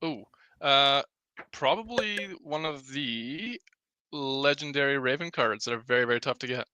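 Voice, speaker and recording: A man's voice: medium pitch, normal speed, bright, forceful tone, smooth, dry recording. A man from the marketing side of a game, answering podcast questions casually and enthusiastically.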